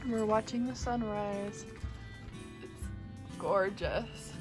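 A woman vlogging casually outdoors while walking her dog, slipping into high sing-song baby talk to praise him. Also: extremely slow, soft background music. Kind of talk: casual vlog.

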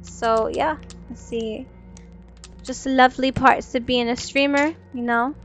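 A woman's voice: sits high, fairly even intonation, takes it slowly, faint music behind. A woman streamer, chatting casually and swearing freely while she plays, a little worn in the voice. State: losing her voice. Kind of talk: casual gaming stream chat. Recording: dull, lo-fi stream audio.

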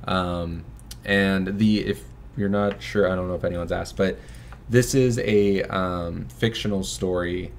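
A man's voice: deep voice, measured pace, creaky, slight background noise. A young man, a filmmaker, chatting casually and loosely on a livestream, with many fillers and small laughs. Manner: relaxed, filler-heavy, chuckles often. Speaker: filmmaker guest, son of host. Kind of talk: casual livestream fundraising chat.

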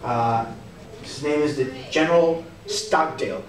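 A young man with a Texan accent giving an animated, conversational youth sermon and acting out quotes. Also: on the high side, measured pace, recorded from a distance. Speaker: youth pastor. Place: church hall. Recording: echoey hall, speaker off-mic. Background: audience answering now and then.

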